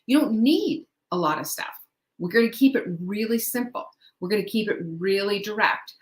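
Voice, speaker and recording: A woman's voice: mid-range voice, lively intonation, normal speed. Chatty woman host in an echoey room. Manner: upbeat, chatty, lots of rhetorical questions. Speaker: podcast host. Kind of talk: motivational talk.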